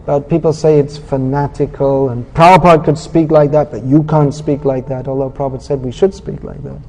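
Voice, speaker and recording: A man's voice: medium pitch, level tone, a little fast, darkish tone. A man giving a sermon in a blunt, scolding and sarcastic manner, as a preacher giving a scripture class in a temple or lecture hall.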